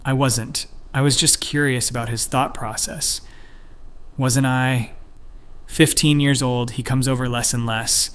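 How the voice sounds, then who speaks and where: A man giving a scripted first-person narration of an online story, reading in an even, measured way. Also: mid-range voice, clean tone.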